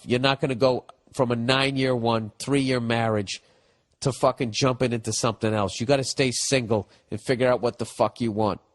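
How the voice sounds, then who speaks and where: Blunt, profane male podcast host. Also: medium pitch. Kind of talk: advice podcast, reading listener letters.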